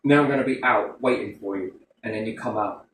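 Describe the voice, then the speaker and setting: A man's voice: fairly low pitch, a little fast, a bit bright, a little hiss or hum. Sweary rambling man. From Britain. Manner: swears heavily, rambling, full of rhetorical questions. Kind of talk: casual conversational rant. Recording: roomy echo from a distant mic.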